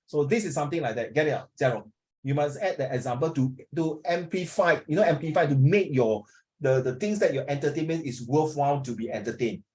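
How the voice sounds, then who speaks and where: A man's voice: a little high, a little fast, a little mellow. A man with a Singaporean accent teaching a class, joking with his students and quizzing them. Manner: joking, asks students questions, mixes in Mandarin. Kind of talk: classroom lesson.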